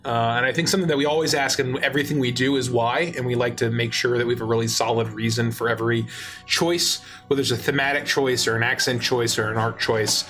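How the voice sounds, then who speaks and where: A man's voice: medium pitch, flat delivery, quick pace, a bit bright, soft background music. A man talking on a casual talk show, explaining game-master advice with emphasis.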